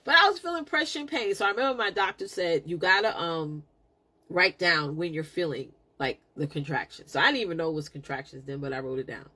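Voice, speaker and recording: Animated woman telling a story on a live stream. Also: on the low side, brisk. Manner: animated, preachy, laughs a lot.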